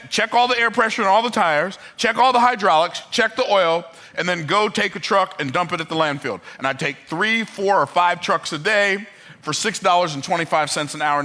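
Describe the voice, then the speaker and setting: Forceful, emphatic male motivational speaker. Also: high-pitched. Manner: emphatic, repetitive, joking. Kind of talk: motivational talk.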